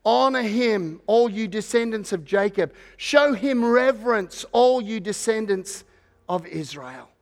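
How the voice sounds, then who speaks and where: A pastor delivers a sermon in a measured way, repeating words while he searches for phrasing, then rising to a fervent call near the end. His voice sits high and is expressive.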